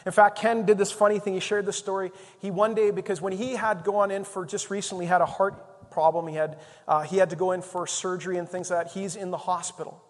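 A man preaching a sermon as the pastor, telling a story in an animated way that swings between loud and soft. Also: high voice, a little fast, few pauses, big-room sound.

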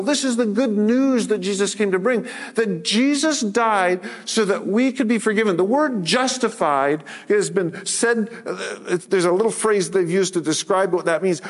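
A fairly high-voiced man preaches to his congregation, earnest and direct. He recites scripture with rising emphasis. The sound carries a long reverb from a large church hall. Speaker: pastor. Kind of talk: sermon. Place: church sanctuary.

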